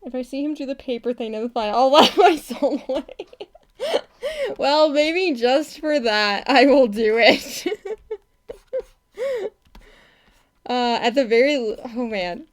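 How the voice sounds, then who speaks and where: A woman's voice: fairly high pitch, lively intonation, takes it slowly, pauses often. A woman chatting casually on a live stream while she animates, rambling and laughing often. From not from Texas. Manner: rambling, giggly, laughs often, many restarts. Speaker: animator streaming her work.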